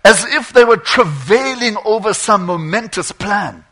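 A man preaching and telling a tense story dramatically, dropping to a hush and swelling again. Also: high-pitched, expressive, measured pace.

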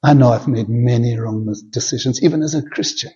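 Male preacher, mellow voice, fervent altar-call delivery swinging loud to hushed; muffled lo-fi sound. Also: medium pitch, brisk, slightly rough. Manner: fervent, swings between loud pleading climbs and soft hushed prayer. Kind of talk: sermon with altar call and prayer.

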